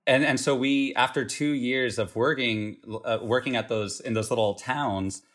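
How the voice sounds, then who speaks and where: A young man from the United States, a guest recounting his years abroad in a relaxed, rambling way with fillers. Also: mid-range voice, normal speed. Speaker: interview guest. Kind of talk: casual conversational interview.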